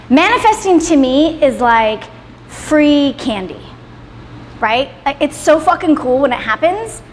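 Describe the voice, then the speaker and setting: Woman, high-pitched, motivational class leader, emphatic, swearing, reverberant hall, faint noise. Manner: emphatic, swears freely, ends points with "right?". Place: salon in a roomy hall.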